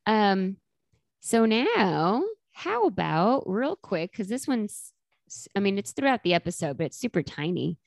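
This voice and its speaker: A woman's voice: mid-range voice, big pitch swings, a little slow, creaky, no echo, studio quality. A woman co-hosting a casual chat, recapping a sitcom episode and quoting the characters in little voices. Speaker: podcast co-host.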